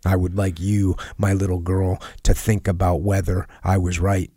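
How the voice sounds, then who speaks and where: A man reading a personal letter aloud in a solemn, earnest and measured way, sometimes dropping to a hush. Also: deep voice, flat delivery, husky, dry recording, studio quality. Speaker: reader of a letter.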